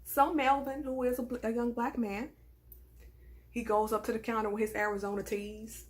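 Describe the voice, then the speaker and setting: A young woman from the American South with a Southern accent, telling a personal story in a casual, animated and indignant way. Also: fairly high pitch, moderate pace. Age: young adult. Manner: animated, indignant, swings between hushed asides and raised outbursts.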